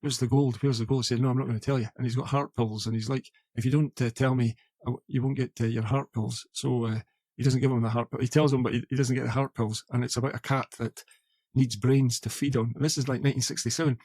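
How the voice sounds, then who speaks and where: A man talks about films in a loose, meandering way, often circling back with "uh" and "you know" before landing his point. His voice sits at an ordinary middle pitch, and the sound is close and dry, with no room around it. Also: steady tone, quick pace, a little mellow, no echo. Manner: rambling, many fillers and restarts. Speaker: podcast co-host. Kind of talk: casual film chat.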